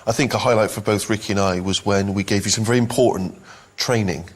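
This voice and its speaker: A man quizzes his guest in a dry, mock-serious way. His voice is low, and he talks quickly. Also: fairly even intonation, breathy edge. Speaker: interviewer. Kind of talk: dry TV interview questions.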